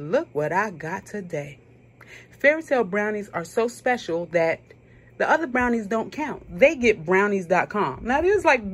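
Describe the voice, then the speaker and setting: Speaking in a medium pitch, a young female vlogger tells a story in a casual, lively manner. Her telling is packed with exclamations and playful slang.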